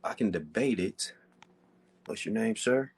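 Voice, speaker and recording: Laid-back slangy man, low voice. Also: expressive, a little slow, breathy edge. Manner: laid-back, slangy, constant "you feel me" fillers. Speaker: livestream host. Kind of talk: casual livestream chat reading comments.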